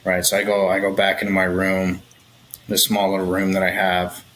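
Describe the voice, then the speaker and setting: A man's voice: deep voice, completely flat delivery, normal speed, fairly bright tone, slight background noise, poor audio. A man speaking as a podcast guest, telling personal stories candidly and swearing freely.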